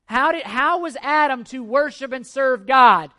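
A man's voice: very high-pitched, measured pace, hardly any pauses, pushed and bright. A man preaching a teaching sermon, earnest and emphatic, repeating key points and asking rhetorical questions of his listeners. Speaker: pastor.

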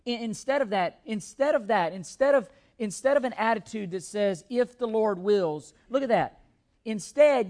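A man preaching a sermon, reading scripture aloud and explaining it in an earnest, emphatic way, often restarting and repeating words. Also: sits high. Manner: reads scripture aloud between comments.

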